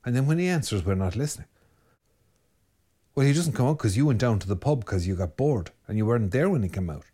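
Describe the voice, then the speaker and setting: An Irish man, a Catholic priest, giving a spoken sermon on prayer in an urgent, exhorting way, talking straight to his listeners with quick commands. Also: mid-range voice, animated, warm tone, husky. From Ireland. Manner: urgent, exhorting, direct address with rapid commands.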